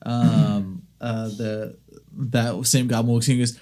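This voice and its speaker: Game master, unhurried and halting, mid-pitched, frequent fillers. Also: flat delivery, mellow. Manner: halting, many fillers, laughing. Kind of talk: narrating a tabletop game.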